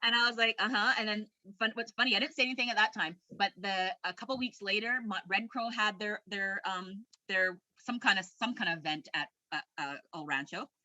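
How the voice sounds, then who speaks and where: A woman's voice: medium pitch, fairly quick, hardly any pauses, sharp tone, no echo. A woman from Canada telling personal stories in a rambling, candid way, often laughing as she talks. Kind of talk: casual personal storytelling.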